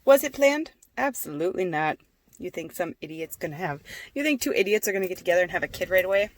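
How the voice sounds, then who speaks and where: A woman's voice: fairly low pitch, lively intonation, fast. A woman in her twenties, chatty and self-mocking, telling a casual story about her own life for a vlog. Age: 20s. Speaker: vlogger.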